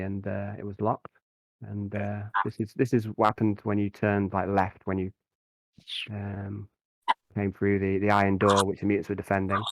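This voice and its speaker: A man running a tabletop game as game master, narrating in a relaxed, halting way with many fillers. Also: on the low side, no room sound.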